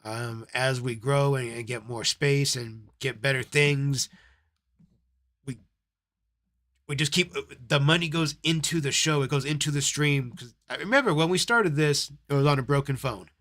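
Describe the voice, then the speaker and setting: A man's voice: medium pitch, normal speed, a bit bright. Male stream host, blunt and profane, scolding commentary. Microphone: desk microphone.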